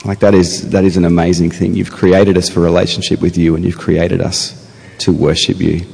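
A man leading an earnest spoken prayer in a steady voice. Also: low voice, moderate pace, gravelly, breathy edge, in a large hall. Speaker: prayer leader.

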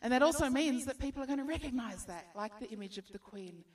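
A woman's voice: sits high, lively intonation, quick pace, darkish tone, recorded from a distance. A woman preaching a sermon, encouraging her listeners with rhetorical questions.

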